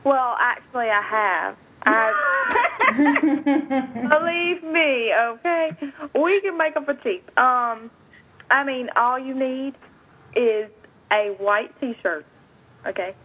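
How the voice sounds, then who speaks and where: A woman's voice: sits high, takes it slowly, pauses often, fairly bright tone, slight background noise. A young woman with a Southern Louisiana accent, a guest chatting casually and rambling with lots of "you know" and "like". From northern Louisiana. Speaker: guest, online video creator. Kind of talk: casual phone interview chat. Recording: tinny phone line.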